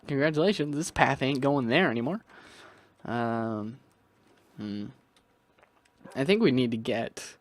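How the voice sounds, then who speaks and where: A man's voice: medium pitch, creaky, dry recording. Rambling young man musing over gameplay. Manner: rambling, self-talking, musing aloud with restarts. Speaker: gaming video creator. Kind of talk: casual gameplay commentary.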